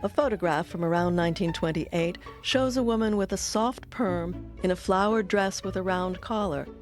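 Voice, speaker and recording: A woman giving measured, scripted narration for a documentary. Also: lowish voice, soft background music.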